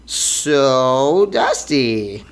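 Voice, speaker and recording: A man's voice: big pitch swings, drawn-out words. A man co-hosting a casual geeky podcast, joking around and breaking into goofy sound effects. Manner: jokey, bursts into sound effects and high squeals. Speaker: podcast co-host.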